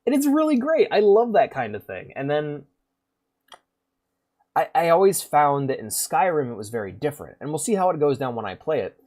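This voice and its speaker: A man streaming games who talks in a rambling, profane, animated way and acts out game characters as he goes. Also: a little high, moderate pace. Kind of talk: casual gaming commentary.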